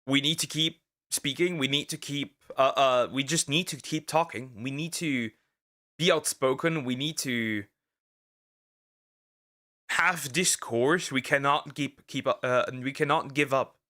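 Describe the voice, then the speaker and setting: A male vtuber streams casual react commentary, ranting outspokenly and bluntly while rambling and halting with plenty of fillers and restarts. His medium-pitched voice is pushed and bright.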